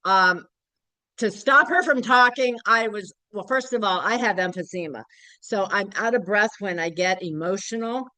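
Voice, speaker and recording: A woman's voice: medium pitch, normal speed, sharp tone, no room sound, rough recording. An older woman speaking at a community group meeting, candid and blunt, rambling with frequent fillers. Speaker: local activist group member.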